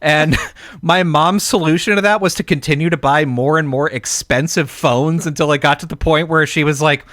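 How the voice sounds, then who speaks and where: A man's voice: fairly high pitch, fairly even intonation, brisk, a bit bright, no room sound, studio quality. A man co-hosting a podcast, telling a family story in casual, rambling chat full of fillers. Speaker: podcast co-host.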